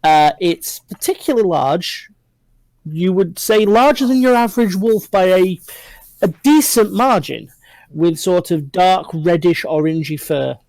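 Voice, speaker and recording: A man's voice: high-pitched, unhurried, darkish tone, no echo, rough recording. Man narrating as a tabletop game master. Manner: descriptive, loose narration with frequent fillers.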